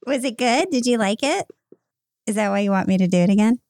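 Woman, podcast co-host, playful, laughs easily, smooth voice. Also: fairly high pitch, lively intonation, fairly quick, darkish tone, dry recording, clean studio sound. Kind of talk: casual chat.

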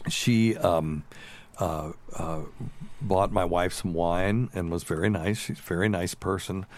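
A man hosting a radio show, telling funny family stories and breaking into shrill impressions of his mother-in-law. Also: a little slow. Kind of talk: casual storytelling chat.

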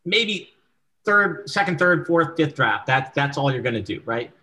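A man who writes screenplays, speaking as a guest in a casual interview, relaxed and frank, who swears casually and keeps checking in with "right?". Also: on the high side, a little slow, low-quality recording.

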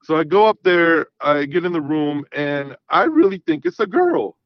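His voice is on the high side and animated, at a normal speed, with no echo and the highs cut off. A caller in his thirties, he tells a long story casually on a call-in show, rambling and leaning on fillers like "you know what I mean."

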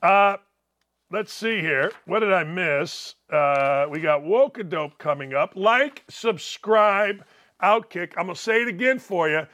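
A middle-aged man hosting a sports talk show, brash and jokey, shouting out his betting picks. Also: high-pitched, animated, unhurried.

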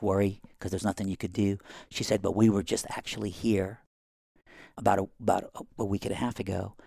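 A middle-aged Iranian man with a low, gravelly voice tells a family story as a podcast guest, animatedly acting out each relative he quotes. The sound is close and dry, with no room sound.

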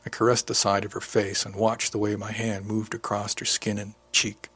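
A man reading a first-person novel as an audiobook narrator, measured and close to the mic. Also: lowish voice, little pitch movement, fairly bright tone, breathy edge.

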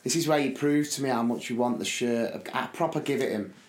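A man, co-hosting a podcast in casual chat and telling stories with lively, loud bursts. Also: mid-range voice, fairly quick. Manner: lively storytelling, loud bursts when acting out his shouting. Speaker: podcast co-host. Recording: roomy echo.

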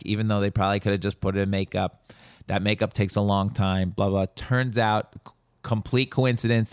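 A man with a smooth, resonant voice tells a story in casual chat. The sound is dry and close, with no room around it. He stays animated and lifts his voice when he quotes people. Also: lowish voice, no room sound. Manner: animated storyteller, quoting others in raised voice.

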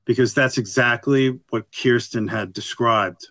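A middle-aged man, a retired police detective, tells a long story as an interview guest. He talks in a halting, rambling way and keeps saying "you know". His voice sits at an ordinary pitch and sounds close and dry, with no room echo. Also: steady tone, a bit bright.

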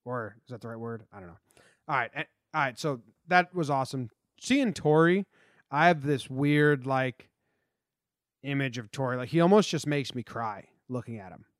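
A man's voice: mid-range voice, moderate pace, no echo, clean studio sound. A young man co-hosting a casual sports podcast, chatty and meandering with lots of fillers. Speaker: podcast co-host.

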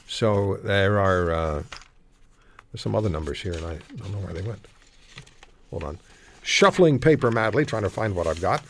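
Animated Canadian radio host, deep voice. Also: male voice, no room sound. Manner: animated, rambling, searching for words. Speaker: radio talk show host. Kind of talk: radio talk show.

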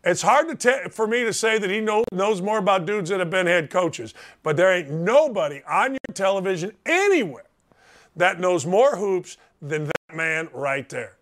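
A man hosting a sports talk show, brash and excitable, often raising his voice for emphasis. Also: high voice, moderate pace. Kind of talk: loud casual sports talk.

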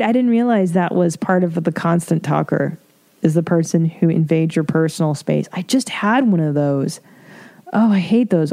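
A woman's voice: fairly low pitch, dark tone. A woman hosting a solo podcast, reading from an article and adding blunt, profane, laughing asides. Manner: reads from an article and comments. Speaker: podcast host. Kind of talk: casual solo podcast monologue.

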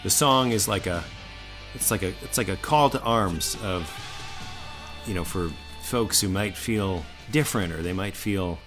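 A man's voice: low-pitched, a little slow, music in the background. A middle-aged man co-hosting a podcast in casual chat, reflective and hesitant, with many fillers. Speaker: podcast co-host.

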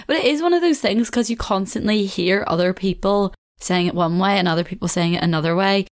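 A woman's voice: mid-range voice, brisk, hardly any pauses. A young woman with a Belfast accent hosting a casual solo podcast, chatting in a rambling way with frequent laughs. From Northern Ireland. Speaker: podcast host.

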